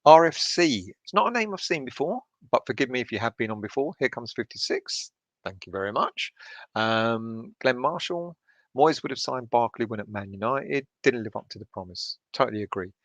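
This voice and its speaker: Hushed late-night man. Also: mid-range voice, animated, normal speed, no room sound. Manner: hushed, keeping his voice down, swearing freely. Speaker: fan channel host reading live chat. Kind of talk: late-night casual chat. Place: home at night.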